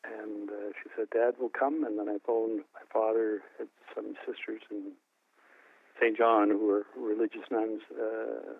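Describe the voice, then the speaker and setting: Older man, low halting phone voice. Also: completely flat delivery, vocal fry, no room sound, narrow, tinny audio. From New Brunswick, Canada. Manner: halting, many restarts and fillers. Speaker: interview guest. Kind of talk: emotional personal recollection.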